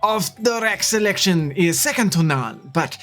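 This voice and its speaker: A streamer voicing a flamboyant male shopkeeper in a game, with a put-on French accent and a theatrical, airy delivery, heard over soft game music. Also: mid-range voice, lively intonation, unhurried. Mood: showy.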